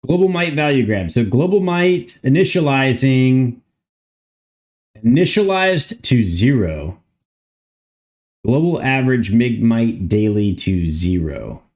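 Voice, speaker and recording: A streamer codes a game mod live, chatting casually, thinking aloud, muttering, and occasionally swearing. His mid-range voice is very animated yet slow-paced, with a slightly mellow tone.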